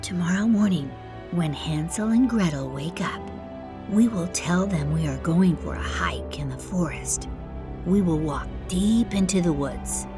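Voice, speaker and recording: A woman voicing a cruel, scheming stepmother in a children's storybook reading, bossy and harsh, dropping low when she plots. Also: unhurried, music in the background, natural voice.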